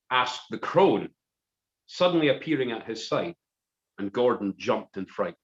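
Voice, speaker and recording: A man's voice: medium pitch, very animated, a little slow. Man narrating a mock-dramatic tale. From Scotland. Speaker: musician reading a story on a live stream. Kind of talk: comic storytelling. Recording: roomy, dull live stream audio.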